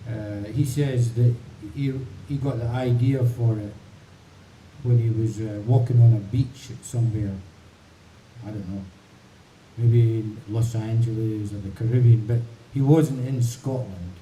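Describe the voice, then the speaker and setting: Dark-voiced man chatting between songs. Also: fairly low pitch, fairly even intonation, a little slow. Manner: rambling, chatty, thinks aloud. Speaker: musician hosting a livestream. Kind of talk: casual chat between songs. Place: home in the mountains. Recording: roomy, distant mic, faint hiss.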